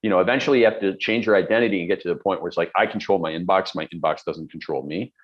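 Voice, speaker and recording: A middle-aged productivity coach talks directly to camera, blunt and emphatic, using everyday examples. His voice sits low and races along, and the recording is muffled.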